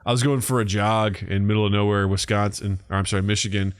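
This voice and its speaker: A man's voice: lowish voice, fast, clean tone, no echo. A man in his thirties co-hosting a podcast, telling stories casually and acting out what people say, with plenty of swearing. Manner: animated storytelling, acts out quoted voices, swears freely. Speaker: podcast co-host. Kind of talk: casual chat.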